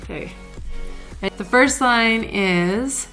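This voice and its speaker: A woman vlogger speaking earnestly and emotionally in a quiet, thoughtful personal reflection. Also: medium pitch, moderate pace, music in the background.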